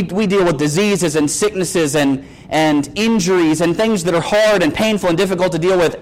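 Guy preaching a sermon, voice sits kinda high, reads the verses then acts out the bits. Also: low-quality recording. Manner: reads scripture, then retells it with lively acted-out dialogue.

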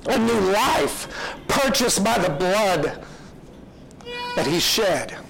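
A man's voice: high-pitched, animated, slow, gravelly, music in the background, low-quality recording. A man preaching a sermon, retelling a story in an earnest, reflective way.

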